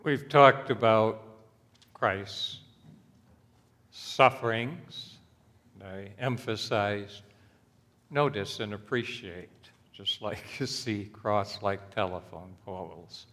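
Male pastor for a sermon, fairly low voice, unhurried and measured delivery, with the long reverb of a church hall. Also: fairly bright tone. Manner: slow, deliberate preaching that rises sharply when reading scripture aloud. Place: church sanctuary.

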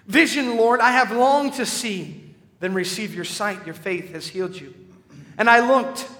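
A man reciting as a fervent once-blind beggar, his voice high, bright and raised well above his plain talk. It rings out in a long, echoey hall. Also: heavily acted. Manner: impassioned poetic recitation. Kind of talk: dramatic poem recital.

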